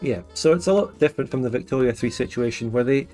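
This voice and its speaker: A man's voice: medium pitch, quick pace, warm tone, soft background music. A man hosting a livestream, chatting casually and joking in a rambling way with plenty of fillers. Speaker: streamer host.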